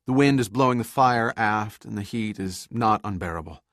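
A man voicing a resolute woman ship's purser in an audiobook, speaking with dry humor and a low voice. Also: normal speed, a bit bright, no room sound. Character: woman ship's purser, steady under pressure. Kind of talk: audiobook character reading.

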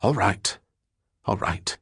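A haughty, evasive male diplomat, imperious and blustering under pressure, as a man reads him. The voice is low and dry, recorded close. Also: lively intonation, slow, a bit bright, slightly rough, dry recording, full character voice. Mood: haughty, uneasy.

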